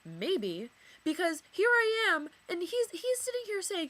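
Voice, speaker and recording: A woman's voice: very high-pitched, huge pitch swings, measured pace, fairly bright tone. A young woman talking casually to camera from her bedroom, filling her speech with "like" and swearing when she gets worked up. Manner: chatty, filler-heavy, says "like" constantly, swears when worked up. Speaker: vlogger. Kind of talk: casual confessional storytelling to camera.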